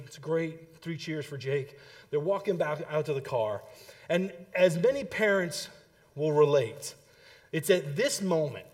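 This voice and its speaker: A middle-aged man preaching a sermon, telling a family story and checking in with the congregation. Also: fairly high pitch. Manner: storytelling, lively, addresses the congregation with "okay?". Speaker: pastor.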